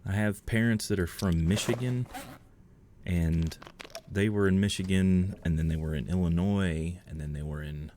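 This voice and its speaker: A man's voice: deep voice, normal speed, a little hiss or hum. A man from Georgia in the US, chatting casually with his chat while playing a game on a livestream. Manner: relaxed, chatty, reads and answers chat. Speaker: livestream gamer.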